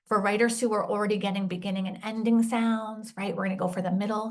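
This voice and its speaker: A woman educator leading a teacher workshop. She presents with a warm, encouraging teacher tone and ends many points with a questioning "right?". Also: mid-range voice, flat delivery, fast talker, few pauses. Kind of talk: instructional presentation.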